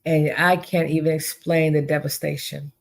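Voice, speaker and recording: Alone at the mic, a female podcast host speaks at normal speed in a low, gravelly voice with flat delivery. Her talk is heartfelt as she earnestly begs her audience, circling back to the same pleas again and again.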